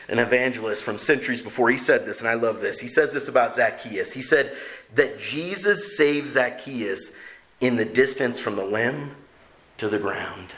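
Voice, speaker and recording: A man preaching a sermon to his church, acting out characters in a raised voice and joking with the congregation. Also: sharp tone. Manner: acts out characters with raised pitch, jokes with the congregation. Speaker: pastor. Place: church sanctuary.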